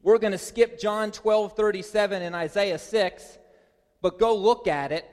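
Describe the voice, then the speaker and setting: A man preaching a sermon, reading verses and pressing his points with emphatic rises in pitch and volume. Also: steady tone, a little slow. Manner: emphatic, rising high and loud to stress points. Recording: long hall reverb.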